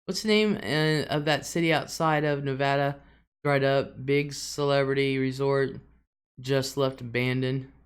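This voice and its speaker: A woman's voice: very deep voice, fairly even intonation, unhurried, clean tone. A middle-aged woman hosting a casual livestream, reading out viewer comments and laughing often. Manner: chatty, laughs often, drawls some words. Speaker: livestream host.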